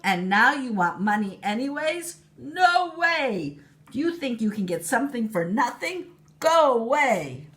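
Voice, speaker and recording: A woman's voice: sing-song, a little slow, a little hiss or hum, full character voice. A woman voicing a greedy, shrieking tooth queen while reading a storybook aloud, bossy and demanding. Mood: furious. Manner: shrill, bossy, shouting commands.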